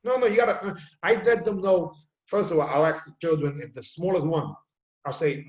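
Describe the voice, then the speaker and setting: Animated man talking in an echoey room. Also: on the high side, a little fast, dull audio. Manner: animated storyteller, acts out quotes. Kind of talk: casual video chat.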